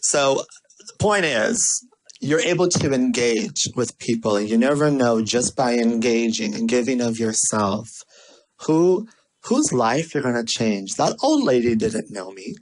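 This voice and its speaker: Brief: sassy, animated vlogger, storytelling with lively, swooping pitch at middle height. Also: measured pace, rough recording. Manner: acts out quoted voices with big pitch swings. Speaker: vlogger and small business owner. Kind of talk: casual storytelling and marketing tips.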